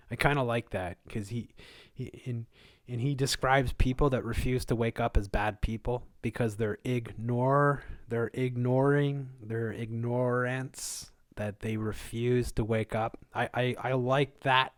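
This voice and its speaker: A man hosting a live question-and-answer stream, rambling through conspiratorial takes and chuckling often. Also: medium pitch. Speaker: livestream host. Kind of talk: live Q&A monologue.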